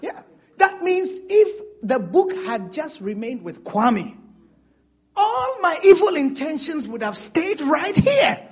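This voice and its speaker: Husky-voiced preacher man, lively pitch. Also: takes it slowly, highs cut off. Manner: animated preaching with audience call-and-response. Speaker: pastor. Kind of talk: sermon.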